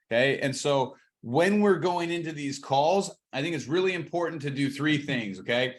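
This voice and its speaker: This man coaches real estate agents with plenty of energy, often restarting words and slowing his delivery for emphasis. He speaks at a somewhat high pitch during the training talk.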